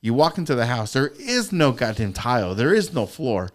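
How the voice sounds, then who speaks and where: A man guesting on a podcast, telling stories in casual chat, animated, swearing a lot and repeating himself. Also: medium pitch, moderate pace.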